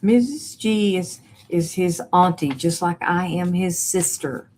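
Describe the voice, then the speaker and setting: Slow, low-voiced woman host. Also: a little mellow. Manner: reads viewer comments aloud with chatty asides; teasing, sassy banter. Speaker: live stream host reading chat. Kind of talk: casual live stream chat.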